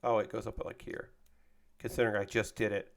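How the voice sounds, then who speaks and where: A man's voice: on the low side, little pitch movement, fairly quick, creaky. A man in his forties, a streamer, chatting casually and rambling while he builds a model kit and answers chat, with casual swearing.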